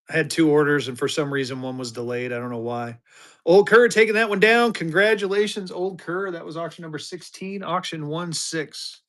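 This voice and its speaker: A man with a slightly high voice runs a live-stream auction, upbeat and chatty. He talks bidders up and keeps the sale moving. It sounds like a home streaming setup. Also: fairly bright tone.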